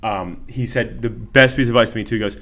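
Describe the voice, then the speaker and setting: Enthusiastic host with a lowish voice. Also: male voice, fairly even intonation, quick pace, a bit bright. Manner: enthusiastic, affirming, chatty. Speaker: podcast host. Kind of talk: casual interview.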